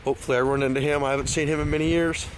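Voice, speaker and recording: A man's voice: a little high, level tone, rapid-fire, a little hiss or hum. Rambling man vlogging outdoors. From Washington State, USA. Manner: rambling with many restarts and fillers, emphatic when scolding. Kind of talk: casual outdoor vlog ramble. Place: outdoors at a lakeside park.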